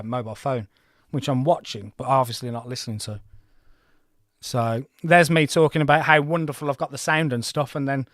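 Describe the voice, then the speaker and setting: A man in his forties talks through a game on his livestream, chatty and rambling, often poking fun at himself. His voice sits at an ordinary middle pitch and the recording is dry and close. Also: fairly bright tone, no room sound. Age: 40s. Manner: chatty, rambling, self-deprecating. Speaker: gaming livestream host. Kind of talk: casual livestream commentary.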